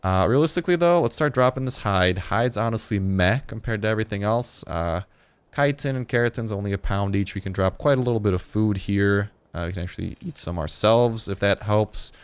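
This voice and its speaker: Rambling, foul-mouthed teen gamer. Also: male voice, on the low side, brisk, smooth, no room sound. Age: late teens. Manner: rambling, joking, swears a lot. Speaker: gaming video host. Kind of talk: casual gameplay commentary.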